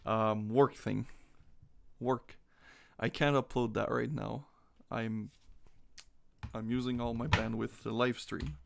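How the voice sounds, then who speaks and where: A man's voice: mid-range voice, steady tone, slow pace, vocal fry, long pauses. A man chatting casually on a live stream, joking crudely and reading quiz questions aloud. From North America.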